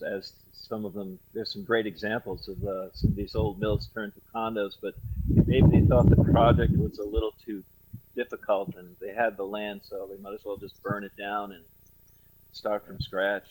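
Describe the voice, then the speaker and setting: Middle-aged rhode island guy, lowish voice, rambling podcast banter, laughs a lot. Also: darkish tone, slight background noise, rough recording. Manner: joking, rambling, laughs often. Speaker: podcast co-host. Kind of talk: casual chat.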